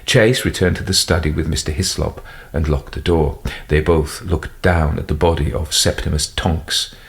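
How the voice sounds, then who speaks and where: A man narrating a classic detective story in a measured storytelling manner. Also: extremely low pitch, fairly even intonation, vocal fry. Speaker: audiobook narrator. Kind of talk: scripted narration.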